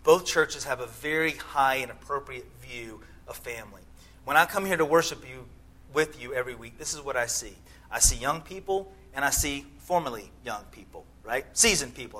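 A middle-aged male pastor delivering a sermon, telling a story, then speaking by turns softly and with emphasis. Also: medium pitch, rough recording. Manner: storytelling, shifts between hushed and emphatic.

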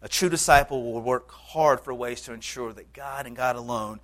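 Male pastor, mid-pitched, earnest conversational sermon delivery. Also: moderate pace, a bit bright. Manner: earnest, conversational preaching with occasional fillers.

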